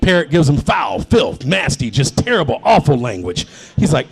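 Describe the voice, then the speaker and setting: A man's voice: a little high, normal speed, gravelly, hardly any pauses, slightly rough. A man in his forties hosting a live comedy show, telling jokes and chatting with the crowd. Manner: animated, chatty, working the crowd. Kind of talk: live stand-up storytelling. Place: bar venue, live show.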